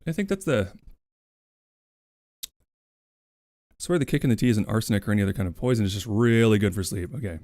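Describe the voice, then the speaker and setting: A man chatting casually to his stream audience on a desk mic, playful and talkative as he thanks viewers. His pitch is animated and lively, and the sound is dry and close. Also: fairly quick, long pauses, no echo. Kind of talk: casual livestream chat.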